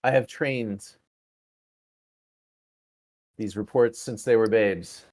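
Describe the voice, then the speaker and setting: A man playing a pompous chief engineer, slow and grandiose, who brags about himself and his crew. His voice is deep and mellow. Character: pompous, self-important male chief engineer.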